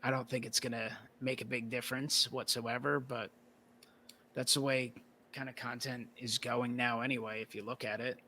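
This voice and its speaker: A male guest who collects cards chats casually in a relaxed, rambling way, using plenty of "you know" fillers. His voice is mid-range at a moderate pace, with slight background noise.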